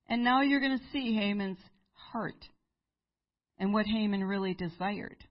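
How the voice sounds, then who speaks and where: A woman preacher telling a Bible story in a sermon, animated and acting out the characters. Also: medium pitch, normal speed, dull audio.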